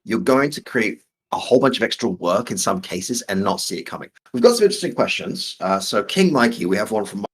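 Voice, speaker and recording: A man with a low, husky voice that swings up and down as he talks, chatting casually on a live stream. He jokes as he reads out viewer questions and rambles along, heard through a remote call mic. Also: big pitch swings, fairly quick, a bit bright.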